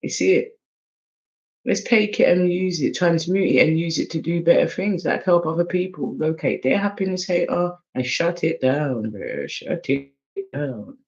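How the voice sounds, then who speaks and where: A man's voice: on the high side, moderate pace. A man with an English accent full of London slang reads oracle cards in a loose, casual way, swinging between hype and mumbling. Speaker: oracle card reader. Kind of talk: casual tarot-style card reading. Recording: slightly dull lo-fi sound.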